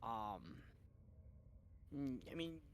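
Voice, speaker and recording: A man's voice: medium pitch, lively intonation, extremely slow, a little hiss or hum. A man from the Midwest with a Midwestern accent, narrating a tabletop game as game master in a loose, filler-heavy way.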